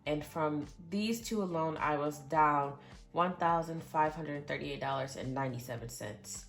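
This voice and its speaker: A woman's voice: low voice, measured pace, faint music behind. A young adult woman talking casually and earnestly to her viewers, reading out exact figures. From Michigan, USA. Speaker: budgeting vlogger. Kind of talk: casual budget update.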